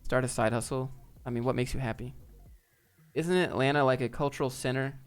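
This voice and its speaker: A man's voice: mid-range voice, fairly even intonation, brisk, soft background music. A man hosting a casual live stream and answering viewer chat in a laid-back, joking, off-the-cuff way.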